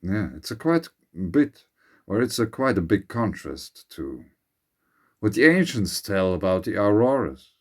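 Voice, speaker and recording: A man with a Finnish accent, speculating in a slow, musing monologue as host of his channel, his English phrasing a little uneven. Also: lowish voice, big pitch swings.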